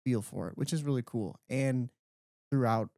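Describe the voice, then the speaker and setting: A young man co-hosting a podcast, telling stories in a casual, animated way with lots of "like". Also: medium pitch, moderate pace, gravelly, dry recording, studio quality. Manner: animated storyteller, heavy use of "like". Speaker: podcast co-host. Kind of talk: casual chat.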